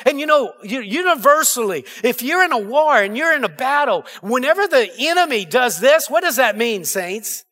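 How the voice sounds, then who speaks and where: A man's voice: very high-pitched, very animated, moderate pace, few pauses, pushed and bright. A male pastor preaching a sermon in church, calling out to the congregation for amens. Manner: preaching with call-and-response asides. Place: church sanctuary.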